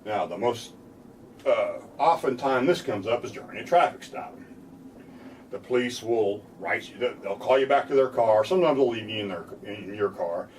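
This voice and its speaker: Plain-spoken American lawyer explaining rights. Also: male voice, fairly low pitch, expressive, moderate pace, darkish tone, distant mic, a little hiss or hum, poor audio. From United States. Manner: plain-spoken, acts out police lines with a laugh. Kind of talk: explaining legal rights to viewers.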